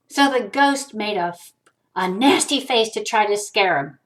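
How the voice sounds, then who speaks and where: A woman reading a picture book aloud to a child, animated, with sung-out hiccup sounds, on a webcam mic. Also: mid-range voice, normal speed. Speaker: storyteller.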